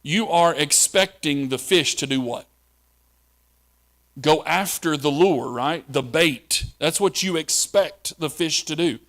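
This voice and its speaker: A man's voice: fairly high pitch, slow, fairly bright tone. Man preaching with rhetorical questions. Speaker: pastor. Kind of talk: sermon.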